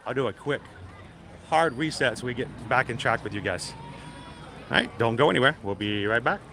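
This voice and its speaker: A man's voice: medium pitch, fairly quick. A man hosting a casual live stream outdoors at a theme park, chatting in an upbeat way and speaking straight to his viewers in the chat. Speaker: livestream host. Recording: noisy outdoor ambience.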